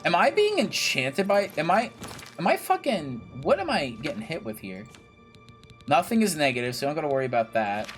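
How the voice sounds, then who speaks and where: A man's voice: on the high side, very animated, fairly quick, soft background music. A young man casually commentating his gameplay, chatty and jokey, swearing freely and talking to himself and the game characters. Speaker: gaming video creator.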